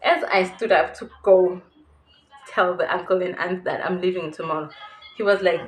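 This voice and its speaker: A woman's voice: fairly low pitch, steady tone, normal speed, poor audio. A young South African woman with a South African accent, candidly telling a personal story to her viewers and laughing nervously at times. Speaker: YouTuber. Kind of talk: storytime vlog.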